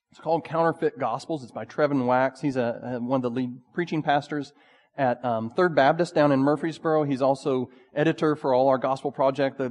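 A man preaching a sermon in a conversational, animated way. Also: medium pitch. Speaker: pastor. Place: church sanctuary. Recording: long reverb of a church hall.

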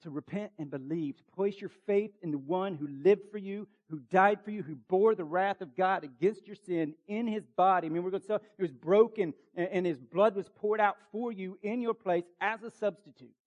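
A man preaching a sermon as pastor, urgent and emphatic, with quick asides to the congregation. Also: high-pitched, lo-fi sound.

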